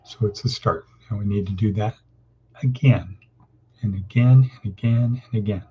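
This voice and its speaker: A man's voice: lowish voice, moderate pace, a little hiss or hum. A man from California hosting a casual morning motivational talk, rambling and folksy as he jumps from topic to topic. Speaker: host of a daily motivational session. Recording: dull lo-fi sound.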